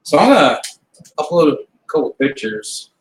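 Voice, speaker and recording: A man's voice: fairly high pitch, big pitch swings, moderate pace. A man from Mississippi hosting a podcast, easygoing and casual, often laughing. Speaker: podcast host. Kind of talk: casual chat. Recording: echoey room with faint noise.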